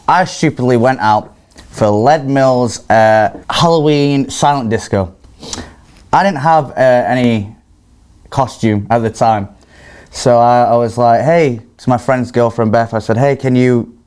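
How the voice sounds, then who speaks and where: In a relaxed podcast chat, a young man tells a long anecdote in a lively, swearing, laugh-prone manner. His voice sits at a middle pitch for a man. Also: clean tone. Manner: animated, swearing, laughs often while telling stories. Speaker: guest. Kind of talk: casual storytelling on a podcast.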